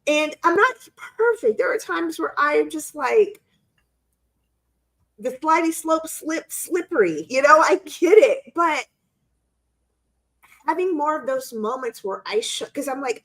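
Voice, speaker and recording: Animated, high-voiced woman telling a story. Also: normal speed. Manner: animated storyteller, acts out quotes in squeaky voices. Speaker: co-host. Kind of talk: casual live-stream chat.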